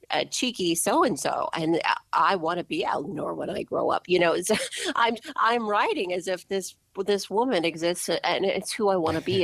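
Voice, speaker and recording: Woman author, low gravelly voice, keen and explanatory, dry close recording. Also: no room sound. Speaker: guest author. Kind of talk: interview conversation.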